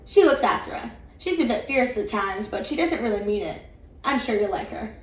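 A woman's voice: on the high side, expressive, normal speed, distant mic, natural voice. A woman voicing a friendly young girl who reassures others in a storybook reading. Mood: reassuring. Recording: roomy, away from mic.

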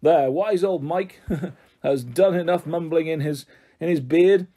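A man's voice: a little high, a little slow, mellow. A man reading the part of a kind, patient older man who talks in a coaxing, reassuring way. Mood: reflective. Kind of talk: audiobook character voice.

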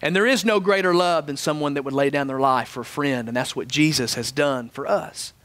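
A man preaching a sermon as pastor, animated in his stories and dropping soft and low for prayer. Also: a little fast, no room sound. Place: church sanctuary.

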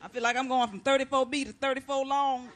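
A brash middle-aged woman comedian hollers her stand-up set in a very high, piercing voice. A roaring live crowd and heavy noise fill the background of the recording. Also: fairly even intonation, quick pace. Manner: loud, brash, shouting to the crowd. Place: stage before a live studio audience. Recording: loud live audience and noisy hall.

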